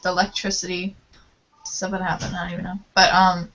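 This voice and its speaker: An Irish woman chatting casually on a video call, gushing and excitable. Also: fairly low pitch, slight background noise. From Ireland. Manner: excitable, gushing, quick to laugh. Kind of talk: casual chat. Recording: dull lo-fi video call audio.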